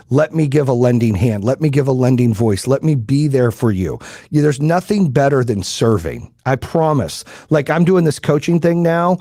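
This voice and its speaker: A man's voice: a little high, darkish tone, no room sound, studio quality. A middle-aged man hosting a live-stream podcast, giving blunt, profane motivational advice and talking straight to his listeners with rhetorical questions. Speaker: podcast host and business coach.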